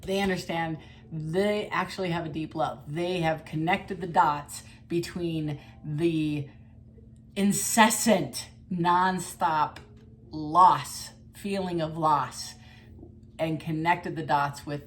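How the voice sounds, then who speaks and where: A woman's voice: low-pitched, fairly even intonation, slow, slight background noise. A middle-aged woman giving a casual tarot reading, chatty and blunt, with mild swearing. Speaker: tarot reader.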